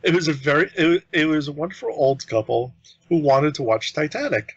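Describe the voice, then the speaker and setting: A man's voice: fairly high pitch, a little fast, breathy edge, dry recording, dull audio. A young adult man co-hosting a podcast, telling rambling stories in casual chat and acting out the people in them. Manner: rambling anecdotes with acted-out quotes. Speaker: podcast co-host.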